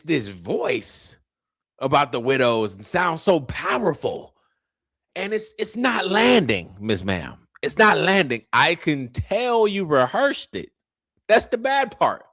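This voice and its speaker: A man hosts his own reaction commentary in a casual, slangy, teasing way. His fairly high voice jumps up and down with mockery, and the recording is dry and close, with no room sound. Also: no echo. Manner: animated, teasing, mocking, loose slangy talk. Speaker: commentary channel host.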